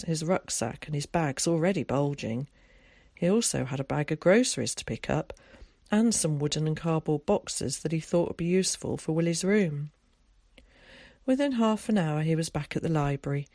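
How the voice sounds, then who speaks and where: Measured audiobook narrator, dry close sound. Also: medium pitch, darkish tone, no room sound. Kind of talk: scripted narration.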